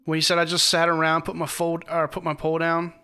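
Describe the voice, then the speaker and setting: A man with a bright, forceful voice that sits a little high for a man. He reacts earnestly and moved to a country song, then walks through its chords in a loose, enthusiastic way, tripping over his words and starting sentences again. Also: completely flat delivery, fast talker, smooth. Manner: enthusiastic, often restarts mid-sentence while explaining; earnest and moved, speaks about the song with feeling. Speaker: music reaction channel host.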